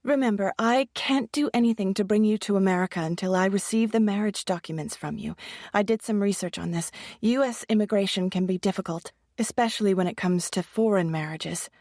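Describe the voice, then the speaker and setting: A woman's voice: medium pitch, a little fast, dry recording, clean studio sound, close to an everyday voice. A woman voicing an enthusiastic, romantic young man newly married. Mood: tender. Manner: enthusiastic, warm storytelling. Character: young Indian man, eager, romantic groom.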